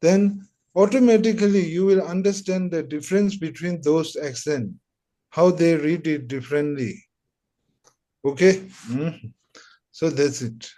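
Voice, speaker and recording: A man's voice: a little high, a little slow, warm tone. A man teaching pronunciation in an online lesson, patiently repeating syllables for students. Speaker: Tibetan language teacher.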